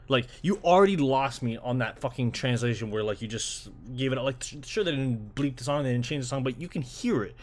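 A man's voice: mid-range voice, lively intonation, fast, few pauses. A young man from Canada ranting casually about anime translations, full of "like" fillers and swearing, slipping into mocking voices. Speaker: anime fan. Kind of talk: casual rant.

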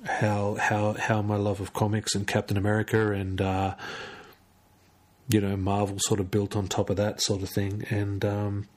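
A man's voice: fairly low pitch, completely flat delivery, moderate pace. A man hosting a solo podcast late at night, tired and rambling, stumbling over words and using many fillers. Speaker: podcast host. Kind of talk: solo casual podcast chat.

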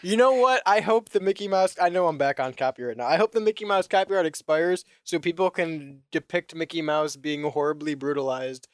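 A man's voice: on the high side, fairly quick, hardly any pauses, no echo, clean studio sound. A man co-hosting a casual podcast chat, joking and laughing often. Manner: joking, laughs often, puts on silly voices. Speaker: podcast co-host.

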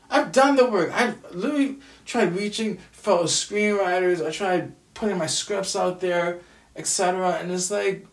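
An upset, exhausted adult venting at home in a bitter, profane, repetitive solo rant. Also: medium pitch. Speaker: aspiring screenwriter venting. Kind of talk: emotional solo rant to camera. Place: at home indoors. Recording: roomy echo, distant from mic.

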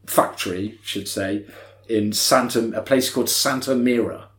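A man's voice: lowish voice, a little slow, a bit bright. Chatty man recapping a film. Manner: chatty, retells scenes in quoted voices. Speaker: podcast co-host. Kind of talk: casual film-review chat.

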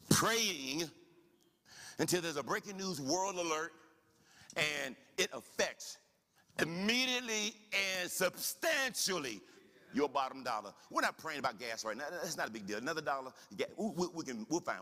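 A man preaching a sermon as the pastor of his church, animated, swinging from soft asides to shouted lines. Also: a little high. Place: church sanctuary. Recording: reverberant church hall.

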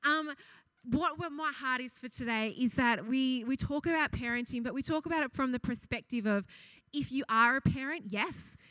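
A woman's voice: sits high, normal speed, a bit bright, no room sound. A young woman giving a casual sermon at church, chatty and giggly, often breaking off to laugh and reading funny stories to the congregation. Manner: reads funny anecdotes aloud to the congregation. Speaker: church speaker.

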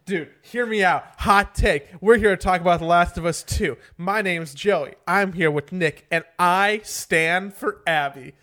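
A young man co-hosting a casual podcast, chatty and teasing, who turns energetic and hyped when he opens the show. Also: high-pitched, measured pace, few pauses. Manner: energetic, teasing, rising to a loud hyped intro. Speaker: podcast co-host.

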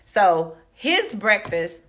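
A woman co-hosting a casual chat, telling stories in a chatty, animated way and laughing often. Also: mid-range voice, extremely slow, a little hiss or hum.

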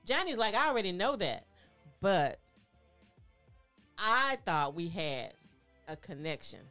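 A podcast co-host in casual chat who goes over the episode and acts out what others said in animated bursts. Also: mid-range voice, slow, no room sound, faint music behind. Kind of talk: casual chat recapping reality TV.

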